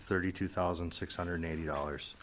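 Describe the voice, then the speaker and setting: A breathless man reporting to a municipal board as a public works staff member, hesitant and halting with many fillers. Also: deep voice, fairly even intonation, background noise.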